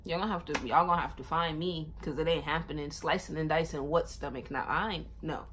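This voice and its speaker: A young woman vlogger telling a long personal story in a casual, animated way, acting out other people's lines in a raised voice. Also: low voice, quick pace, background noise. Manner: animated, acts out the nurses' and her own lines in raised voices, laughs often.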